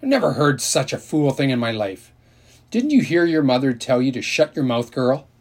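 A man voicing a gruff rural father who roars and scolds, with a husky voice. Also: mid-range voice, sing-song, moderate pace. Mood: angry. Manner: roaring, scolding.

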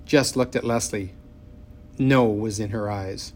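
A man narrating an audiobook in a measured, expressive way. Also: lowish voice, slight background noise.

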